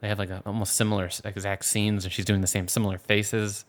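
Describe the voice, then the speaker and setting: A man's voice: fairly low pitch, little pitch movement, quick pace. A man from the Philadelphia area chatting casually about a film as a podcast co-host, rambling with frequent restarts. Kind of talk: casual movie discussion.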